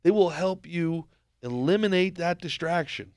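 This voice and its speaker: A man from New Jersey co-hosting a podcast, telling stories in an animated, profane way and acting out quotes. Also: fairly high pitch, a little slow, dry recording, clean studio sound. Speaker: podcast co-host. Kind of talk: casual podcast chat.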